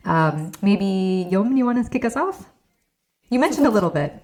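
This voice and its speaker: A woman's voice: mid-range voice, animated, moderate pace, a little mellow. A woman co-hosting a podcast in casual chat, upbeat and steering the conversation. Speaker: podcast co-host.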